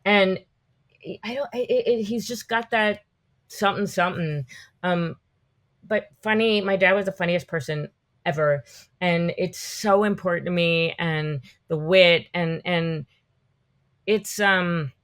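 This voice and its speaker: A woman in her fifties, a podcast guest, telling animated, rambling stories in a casual interview. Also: fairly low pitch, measured pace. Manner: animated, rambling storytelling full of "like".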